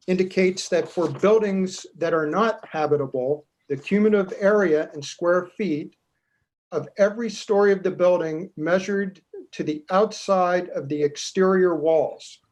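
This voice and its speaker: A zoning board member at a public meeting, reading out and explaining building code in a deliberate, measured way with frequent pauses. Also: male voice, sits high, darkish tone.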